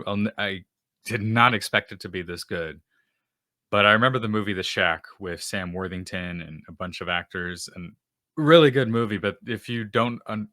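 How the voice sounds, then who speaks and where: Host type: low-pitched man with a bright, forceful voice, earnest casual faith talk, dry close sound. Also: no echo. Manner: earnest and conversational, with frequent restarts. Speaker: host of a Christian podcast.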